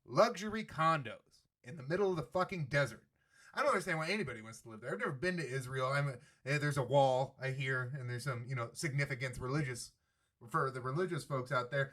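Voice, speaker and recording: A man's voice: medium pitch, expressive, moderate pace, pushed and bright. A man hosting a daily show, giving a sarcastic, profane political monologue and slipping into mock voices. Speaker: podcast host.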